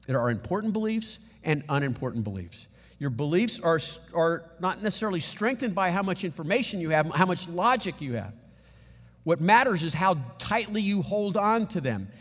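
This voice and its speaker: A middle-aged man preaching a sermon as pastor, telling stories in an animated, emphatic way. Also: high-pitched, in a large hall.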